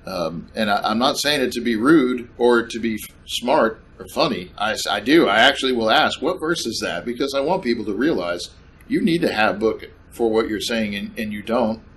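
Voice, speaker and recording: A man's voice: fairly low pitch, expressive, moderate pace, fairly bright tone, breathy edge. A man preaching a sermon, emphatic and sarcastic, repeating points with questions to the congregation. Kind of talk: sermon with slides.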